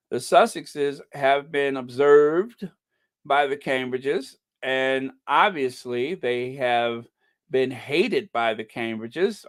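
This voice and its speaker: A man's voice: medium pitch, clear, resonant tone, no room sound, clean studio sound. A man hosting a casual commentary channel, reacting to news and posts in a gossipy, incredulous way and chuckling often.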